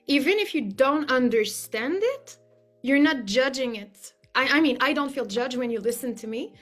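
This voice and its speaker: A woman speaks as a client giving a heartfelt testimonial, earnest and effusive, often reaching for "like" as she talks. Her voice sits fairly high. Quiet music plays faintly behind her. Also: lively intonation, moderate pace. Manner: earnest and effusive, many "like" fillers.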